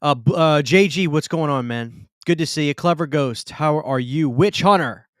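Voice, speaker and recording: Stream host, man, higher-pitched, talkative, close dry mic. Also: normal speed, dry recording. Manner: chatty, greets viewers by name, restarts sentences. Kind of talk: casual live chat.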